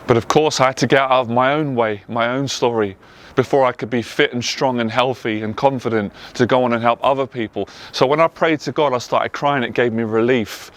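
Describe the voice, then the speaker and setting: London guy, motivational speaker, earnest and emotional, pitch sits in the middle. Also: fairly even intonation, a little fast. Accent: London English. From England. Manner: earnest, emotional, repetitive emphatic phrasing. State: tearful at times. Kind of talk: personal testimony monologue.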